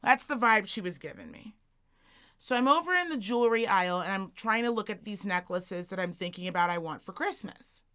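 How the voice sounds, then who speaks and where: A woman co-hosting a podcast, telling a comedic story in a sassy, profane, animated way. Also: medium pitch, fairly quick, clear, resonant tone. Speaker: podcast co-host.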